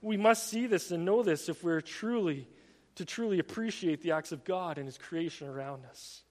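Male preacher, high voice, emphatic and earnest, reverberant hall sound. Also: a little mellow. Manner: earnest, emphatic preaching with slowed stressed phrases and repetitions. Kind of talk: sermon.

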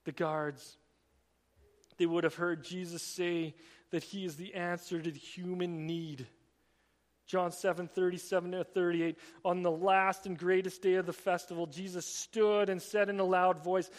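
A man preaching a sermon, swinging between emphatic raised passages and quiet, drawn-out emphasis. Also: high-pitched, level tone, in a large hall. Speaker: pastor.

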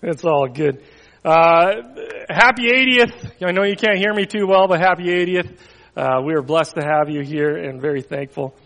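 A man with a high-pitched voice speaks as a pastor in a church. He tells a story with dramatic pauses and sudden quiet moments, and his words ring out with a long reverb around the hall. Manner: expressive storytelling, dramatic pauses, drops to near whisper. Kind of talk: children's story reading then church announcements.

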